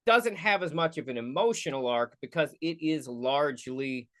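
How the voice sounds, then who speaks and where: A man's voice: on the high side, normal speed, fairly bright tone. A man hosting a casual solo film review podcast, goofy and rambling, often interrupting himself. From United States. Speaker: podcast host.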